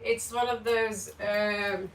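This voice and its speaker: Hosting a live tarot stream in a cluttered room at home, a woman rambles distractedly, frequently swearing and laughing. Her medium-pitched voice is steady and slow, captured far off by a phone on a tripod with a little hiss or hum.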